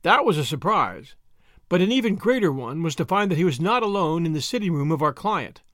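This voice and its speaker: A man giving a scripted audiobook narration in a measured storytelling delivery. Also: on the high side, lively intonation, a bit bright, no room sound, clean studio sound.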